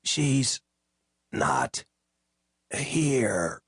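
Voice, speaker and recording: A man voicing a drunk nightclub owner on the phone, with a raspy, hoarse, croaking voice and a slurred, groaning, half-whispered manner. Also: medium pitch, big pitch swings, drawn-out words, a bit bright, no room sound, studio quality, voice pushed up, heavily acted. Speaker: character in audiobook.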